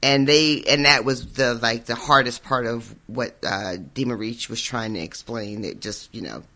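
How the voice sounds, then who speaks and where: A man's voice: mid-range voice, normal speed, pushed and bright. Man recapping chapters with laughs. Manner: laughing, rambling summary with fillers. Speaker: podcast co-host. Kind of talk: casual book discussion chat.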